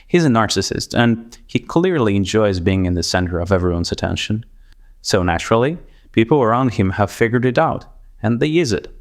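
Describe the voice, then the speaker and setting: Low-voiced man with a Russian accent. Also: lively intonation, fairly quick. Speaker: commentary video host. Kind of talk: scripted commentary narration.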